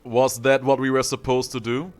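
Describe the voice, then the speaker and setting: A man's voice: medium pitch, flat delivery, moderate pace, faint music behind. A man playing a video game, casually commenting and reading the game's text aloud in a playful, amused way. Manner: playful, amused, chuckles often. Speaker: gaming streamer.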